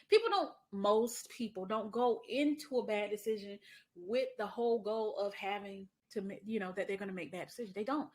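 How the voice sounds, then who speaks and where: A middle-aged woman hosting a podcast, telling a story in a chatty way, calling her listener honey and dropping into soft asides. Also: medium pitch, lively intonation, a little fast. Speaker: podcast host. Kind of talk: casual podcast monologue.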